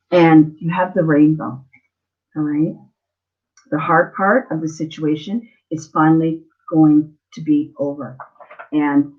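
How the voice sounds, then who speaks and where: A woman's voice: low voice, muffled recording. A woman giving a live online tarot reading, earnest and emotional, often checking in with the listener. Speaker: tarot reader.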